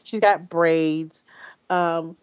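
A woman hosts a casual podcast discussion, her voice sitting fairly low. She talks bluntly and swears freely, stumbling through fillers and restarts as she thinks aloud. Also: fairly even intonation, very slow, clear, resonant tone. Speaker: podcast host.

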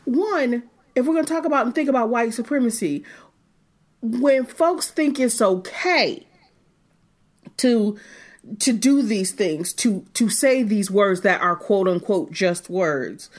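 High-voiced woman co-hosting a podcast. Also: slow. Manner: animated, laughing, rambling with repeated restarts. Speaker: podcast co-host. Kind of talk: casual podcast discussion.

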